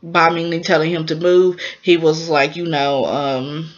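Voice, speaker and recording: A woman casually recapping a drama episode in a rambling, chatty way, full of fillers and lively exclamations. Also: sits low, a little slow, highs cut off.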